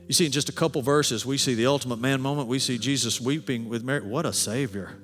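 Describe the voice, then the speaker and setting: A man preaching a sermon with animated delivery, sometimes acting out quoted voices. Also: mid-range voice, fast talker, few pauses. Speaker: pastor. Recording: long hall reverb with faint music.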